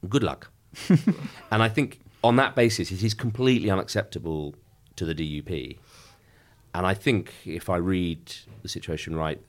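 Deep-voiced MP, emphatic. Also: male voice. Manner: measured, emphatic, with many restarts. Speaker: member of Parliament. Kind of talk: political interview.

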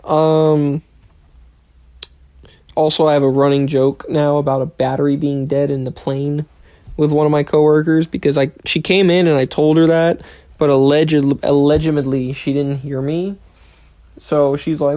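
A young adult holds a solo podcast chat in an easy, middle-pitched voice. The talk rambles from story to story. Quoted lines get played out in silly voices. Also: flat delivery, normal speed, warm tone. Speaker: podcast host, trainee pilot. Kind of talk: casual solo podcast monologue.

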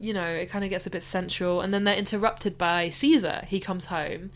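A woman co-hosting a podcast, chatting casually about a film, animated and quick to laugh. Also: lowish voice. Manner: animated, laughs often, tries voices. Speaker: podcast co-host. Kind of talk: casual film-review chat.

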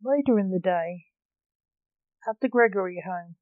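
A woman reading a story aloud with steady, expressive narration. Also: mid-range voice, unhurried, no room sound, phone-quality sound.

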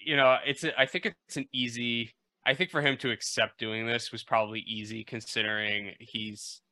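Male podcast co-host, bright and forceful, dry close mic, animated storyteller who restarts his sentences often. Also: mid-range voice, moderate pace, dry recording. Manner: animated, acts out quoted interviewers with restarts. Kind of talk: casual podcast discussion.

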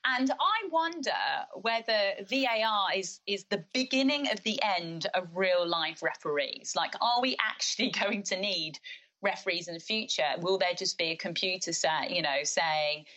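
A woman chats about football with a bright, forceful tone. She tells her stories with animation, acting out how she shouted at the screen. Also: medium pitch, normal speed, low-quality recording. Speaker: co-host discussing football. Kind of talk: casual chat.

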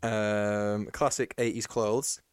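A man's voice: on the low side, steady tone, takes it slowly, smooth, no room sound, clean studio sound. A man co-hosting a podcast, chatting casually with jokes and frequent laughs. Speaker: podcast co-host. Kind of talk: casual commentary chat.

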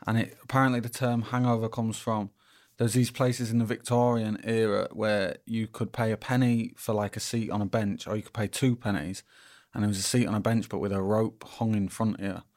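Male co-host, lowish pitch, halting and filler-heavy casual chat. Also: little pitch movement, darkish tone. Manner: hesitant, filler-heavy storytelling. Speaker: band member and radio co-host.

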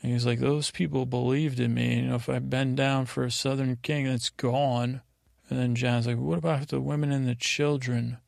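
A man's voice: mid-range voice, creaky, dry recording, clean studio sound. A man hosting a sleep podcast, casually retelling TV scenes in a meandering, drowsy way. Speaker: podcast host. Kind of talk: rambling sleep podcast recap.

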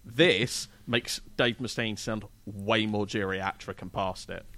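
A man's voice: lowish voice, fairly even intonation, slow, fairly bright tone. A man chatting casually as a podcast co-host, sardonic and jokey as he critiques music. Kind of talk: casual chat.

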